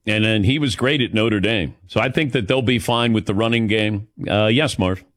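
A man's voice: on the low side, moderate pace, fairly bright tone. A middle-aged man hosting a sports talk radio show, chatting casually and joking as he takes callers.

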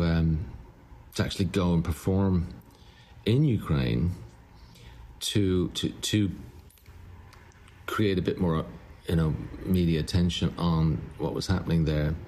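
A man, a musician, telling a story in an interview, halting and repeating words as he goes. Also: sits low, a little mellow. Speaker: musician guest.

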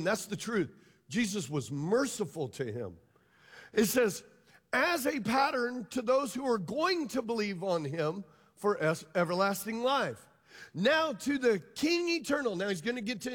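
Emphatic high-voiced man preaching in a hall. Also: fairly bright tone. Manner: emphatic, call-and-response with congregation. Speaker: pastor. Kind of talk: sermon. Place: church hall.

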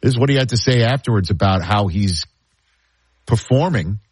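A man's voice: on the low side, lively intonation, normal speed, darkish tone, husky. A man with a New York accent hosting sports radio, talking casually and hammering his points home by repeating them. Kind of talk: casual sports talk debate.

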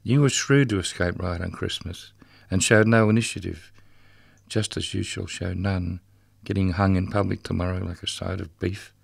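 A man's voice: sits low, creaky, darkish tone, slightly rough, dry recording, pitched below the performer's own voice, heavily acted. A man reading a rhythmic dramatic monologue as the ghost of a murdered, drunken prison guard, bitter and mocking. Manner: rhythmic, incantatory delivery.

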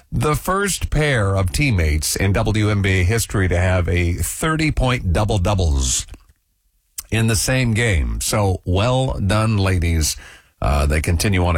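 A man's voice: fairly low pitch, no echo, clean studio sound. A man hosting a morning radio show with chatty, jokey banter. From Indiana.

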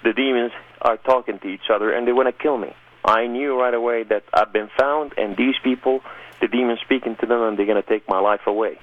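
A man's voice: mid-range voice, steady tone, fairly quick. A man earnestly telling his life story as a guest in a radio interview, heard over a tinny phone-like line. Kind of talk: personal testimony in a radio interview.

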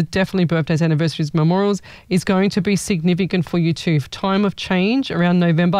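A woman's voice: sits low, mellow, clear, resonant tone, dry recording. A woman medium chatting casually with her audience, rambling through stories and laughing often. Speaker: psychic medium hosting a live session. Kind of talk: casual live chat.

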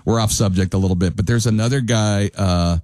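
A man's voice: lowish voice, fairly quick, a little mellow, no echo. A man hosting a radio interview, chatty and rambling, with a slight Pittsburgh accent. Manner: chatty, rambling, laughs easily. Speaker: radio host. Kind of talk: casual interview chat.

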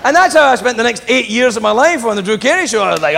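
Comedian with a lively, high voice. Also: male voice, quick pace, vocal fry, few pauses. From England. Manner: animated storytelling, breaks into put-on voices. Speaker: stand-up comedian. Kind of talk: stand-up comedy set. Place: large comedy venue with live audience. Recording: echoey hall, noisy crowd.

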